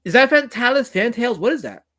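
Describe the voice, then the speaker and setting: Man from new york, casual podcast host, rambling, repeats himself, animated. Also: extremely high pitch, a little fast. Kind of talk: casual chat.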